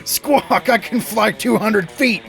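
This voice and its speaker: A man voicing a rowdy, violent young demon boy who yells brashly. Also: sits high, takes it slowly, vocal fry, soft background music, voice pushed up, heavily acted. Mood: yelling. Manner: yelling, brash.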